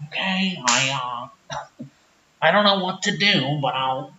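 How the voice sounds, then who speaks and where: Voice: mid-range voice, lively intonation, reverberant, lo-fi sound, background noise, voice pushed down. Someone putting on a meek West Virginia country man. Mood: bewildered. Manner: halting, stammering, apologetic.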